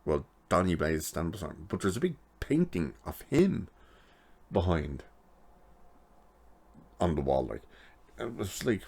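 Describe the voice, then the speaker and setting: A man's voice: low voice, big pitch swings, normal speed, long pauses, a little mellow. A man giving a chatty, sarcastic recap of a TV episode, laughing at his own jokes. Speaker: TV episode reviewer.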